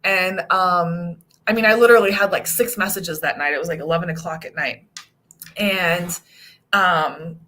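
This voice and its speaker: A woman from the United States, in her thirties, chatting casually as a vlogger and telling stories with lively acted-out quotes. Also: moderate pace. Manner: animated storyteller, acts out quotes in a high voice. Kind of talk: casual chat.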